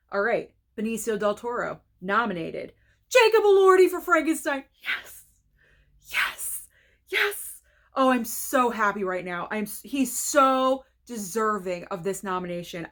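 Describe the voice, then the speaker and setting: Woman, casual film-review vlogger, mid pitch, excitable and frank. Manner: excitable, gasping and gushing; chatty, frank opinions. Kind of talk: casual reaction video.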